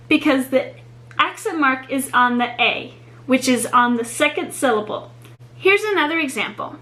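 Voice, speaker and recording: A woman tutoring a beginner Spanish lesson, speaking slowly and clearly with encouraging praise. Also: high-pitched, bright, forceful tone. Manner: slow, clear, encouraging teacher delivery. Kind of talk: scripted language lesson. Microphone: USB headset.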